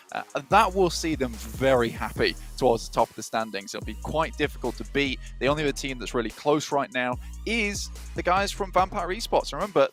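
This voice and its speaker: A man's voice: medium pitch, fairly bright tone. A man casting an esports match, chatty and full of fillers as he walks through the standings. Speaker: caster. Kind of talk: match commentary.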